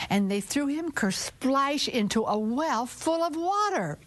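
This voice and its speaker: A woman storyteller telling a children's folktale with expressive, drawn-out phrasing and sudden whispered asides. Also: high-pitched.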